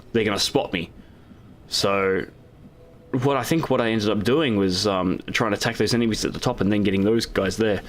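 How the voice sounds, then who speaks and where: A man's voice: medium pitch, a little hiss or hum. A man hosting his own gaming channel, casually talking over recorded gameplay in a rambling way with lots of fillers and restarts.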